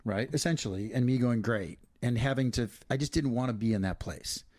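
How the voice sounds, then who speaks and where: Man, podcast co-host, earnest, reflective, restarts sentences, warm low tone. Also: a little fast, no echo, clean studio sound. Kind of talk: casual couple's podcast chat.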